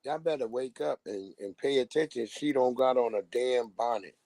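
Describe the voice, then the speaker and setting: A man's voice: mid-range voice, normal speed, mellow, no echo. Emphatic man hosting a livestream. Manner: emphatic, profane, calls the audience "family". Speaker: livestream host reacting to clips. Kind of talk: casual live-stream commentary.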